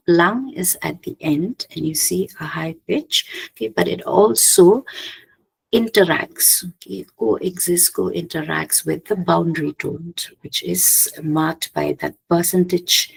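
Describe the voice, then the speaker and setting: A woman giving an academic slide presentation, hesitant, often pausing with "okay" and restarting her phrases. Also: lowish voice, gravelly, husky, rough recording. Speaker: conference presenter.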